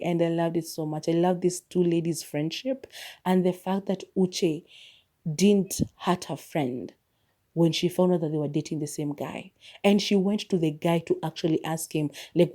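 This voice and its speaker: A woman hosting a podcast and talking through a movie review in a relaxed, chatty way. She is expressive and laughs often. Her voice sits a little low, with a dark, mellow tone. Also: moderate pace. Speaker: podcast host. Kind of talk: casual movie review chat.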